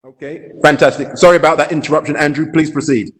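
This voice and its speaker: A man's voice: a little high, steady tone, fast. A man moderating an online panel over a video call, hesitant and full of fillers.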